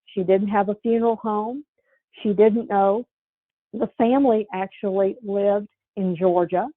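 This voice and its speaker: A woman's voice: medium pitch, steady tone, a little slow, no echo. A woman giving a sales training presentation and telling a personal story, talking in an earnest, conversational way with repeats and restarts. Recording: dry, tinny phone-like sound.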